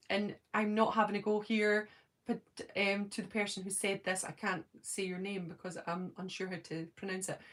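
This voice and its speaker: A woman in her forties from Scotland, with a Scottish accent, hosts a live stream and casually reads and answers viewers' comments. Her voice is medium in pitch; she speeds up when excited and fills pauses with ums.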